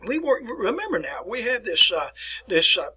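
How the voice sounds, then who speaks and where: A man's voice: high voice, big pitch swings, moderate pace, pushed and bright, husky, rough recording. A man giving a folksy history lesson as a teacher, often addressing his listeners as folks, with chatty asides. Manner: chatty asides with many uhs. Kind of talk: classroom history lecture.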